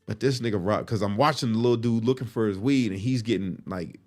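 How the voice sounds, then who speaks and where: A man casually retelling a personal story to the camera in blunt, animated street slang. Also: lowish voice, fast.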